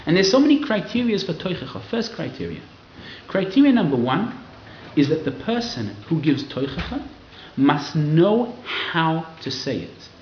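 A man giving a lively Torah class to a live audience, acting out quoted people in raised voices. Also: a little high, moderate pace, slight background noise. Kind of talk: lively sermon-style Torah lecture. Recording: roomy, slightly dull hall recording.

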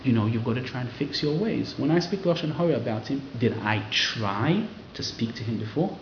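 A man giving a lively Torah class to a live audience, acting out quoted people in raised voices. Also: medium pitch, brisk, slight background noise. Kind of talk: lively sermon-style Torah lecture. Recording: roomy, slightly dull hall recording.

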